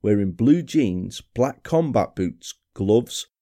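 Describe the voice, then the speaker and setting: A man narrates a true-crime podcast in a measured, somber manner. His voice is low-pitched and mellow. His pitch moves around a lot as he tells the story. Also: animated. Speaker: podcast host.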